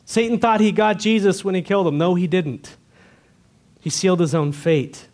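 A man's voice: high-pitched, normal speed, darkish tone. A man preaching a sermon to his church, earnest and direct, asking the congregation rhetorical questions. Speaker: pastor.

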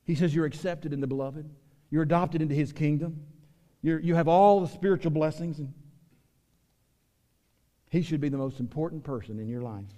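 A pastor preaching a sermon, swinging between loud emphatic lines and low quiet asides. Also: male voice, moderate pace, long pauses, long reverb tail. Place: church sanctuary.

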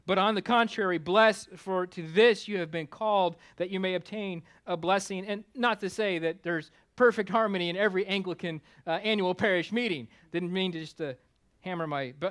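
A male pastor preaching a conversational sermon with self-deprecating humor, climbing louder for emphasis and dropping low for asides. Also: smooth. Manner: rises in pitch and volume for emphasis, drops low for asides.

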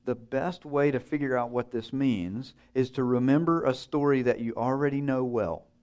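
A male preacher delivering a sermon in an easygoing, conversational voice. He puts questions to his listeners. His pitch sits in the middle range for a man. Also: moderate pace, darkish tone. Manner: conversational, asks the audience questions and acts out the story's voices.

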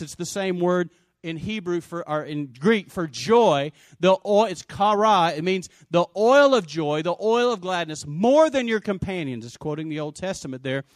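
A man with a high voice delivers a lively sermon in a dry, close recording. He talks to his congregation conversationally and with humor, and often slips into put-on voices to act out scenes. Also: no room sound. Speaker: preacher.

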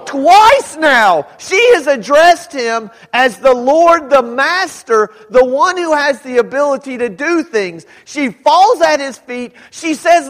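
A man preaching a sermon as pastor, dramatic, rising to shouts when he quotes people. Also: very high-pitched, very animated, slow pace. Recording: long hall reverb.

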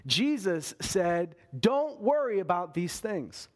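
High-voiced preacher, lively and animated. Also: male voice, normal speed. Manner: animated, acts out panicked voices with big pitch swings. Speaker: pastor. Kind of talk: sermon.

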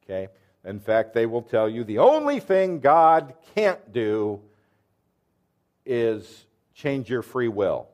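A man's voice: mid-range voice, sing-song, takes it slowly, a little mellow, lo-fi sound. A man preaching a sermon, explaining verses earnestly and quizzing his listeners with questions. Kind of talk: sermon with quiz questions to the audience.

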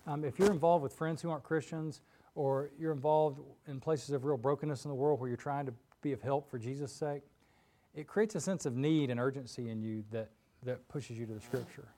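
A male preacher delivering a sermon in a loose, chatty style, dropping in fillers and quick asides. His voice sits at an ordinary middle pitch. He talks to the congregation as if chatting with friends. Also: warm tone. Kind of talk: conversational sermon. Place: church.

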